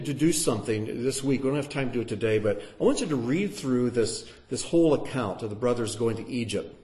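A male preacher teaches through scripture with a lively, swooping delivery. He drops to quiet, slow asides for weight, then climbs back up. His speaking pitch sits in the middle. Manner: animated, dramatic, acts out voices. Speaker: Bible teacher.

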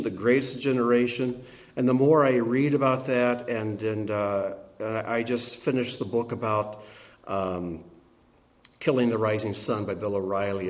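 An older man preaching a sermon as pastor, swinging between emphatic peaks and quiet, soft asides. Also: on the low side.

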